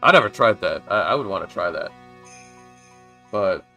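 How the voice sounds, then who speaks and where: Bright-voiced young man streaming a game. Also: low voice, expressive, normal speed, faint music behind. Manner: chatty, jokey, reads game lines with loud outbursts. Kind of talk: casual let's-play commentary reading dialogue aloud.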